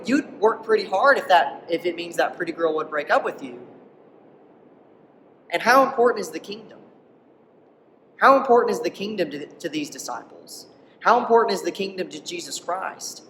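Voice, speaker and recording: A man's voice: high voice, pushed and bright, slight background noise. Man, preacher, conversational sermon, emphatic, rhetorical questions, distant mic, long church reverb. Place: church hall.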